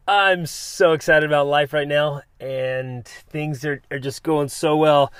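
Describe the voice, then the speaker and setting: A man's voice: on the high side, no echo, clean studio sound. An enthusiastic man in his forties, hosting a motivational talk and telling an adventure story with many restarts. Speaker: podcast host.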